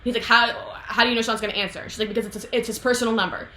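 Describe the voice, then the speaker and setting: A young woman with a bright, forceful voice gushes through a story in casual, profane chat, slipping into the characters' voices as she goes. The room around her is echoey, with a faint hum of noise in the background. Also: on the high side, very fast. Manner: animated, profane, acts out characters' lines, frequent laughter. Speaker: host retelling a book plot.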